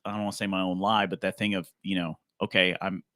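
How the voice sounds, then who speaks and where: A man's voice: sits low, little pitch movement, fast talker, a bit bright, dry recording, clean studio sound. A man hosting a podcast in casual chat, joking, laughing often and trailing off mid-thought. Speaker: podcast host.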